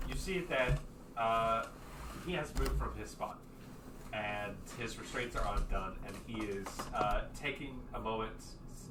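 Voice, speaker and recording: A man narrating a tabletop game as game master, relaxed and loose, with many fillers. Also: mid-range voice. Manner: relaxed, lots of fillers, laughs easily. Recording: echoey, distant mic with background noise.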